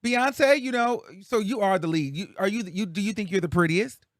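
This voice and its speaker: A man's voice: high voice, normal speed, dry recording, studio quality, voice pushed up, close to an everyday voice. A man doing an impression of a nosy, playfully shady woman talk-show host who teases her guests with gossip. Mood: teasing. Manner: teasing, gossipy, sly.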